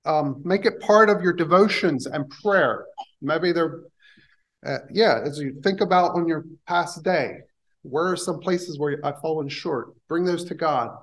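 A man preaching a sermon in a church, talking through scripture in a conversational way with pauses and restarts. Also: on the high side, fairly bright tone, rough recording. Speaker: pastor.

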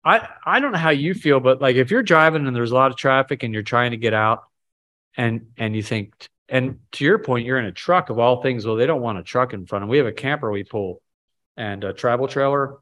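A man's voice: medium pitch, a little fast, fairly bright tone. A man leading a casual Bible study, talking in a rambling, self-deprecating way and asking the group questions.

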